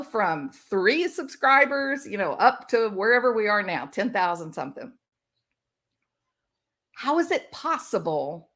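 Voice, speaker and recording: A woman YouTube commentator talking in a casual, sarcastic way and laughing often. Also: a little high.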